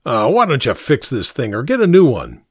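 Man voicing a sneering brute of a city man, curt, impatient, lively pitch, storybook reading. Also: normal speed, husky, no echo, clean studio sound.

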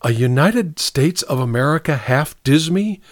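A man's voice: fairly high pitch, expressive, unhurried, dry recording, studio quality, voice pushed up. Haughty aristocratic baroness, clipped and imperious, read by a man narrator. Audiobook reading. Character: aristocratic woman collector, haughty and eager.

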